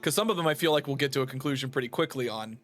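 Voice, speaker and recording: A man hosting a stream in casual chat, animated and swearing, with frequent laughs. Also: medium pitch, very fast, soft background music. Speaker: stream host.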